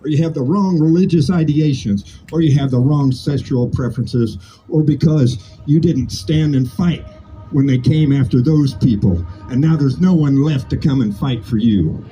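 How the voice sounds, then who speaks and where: A protest speaker in his late sixties addresses an outdoor rally with passion, using repetition to drive his points home. His voice is medium-pitched, mellow and normal in speed, with faint music behind and poor audio.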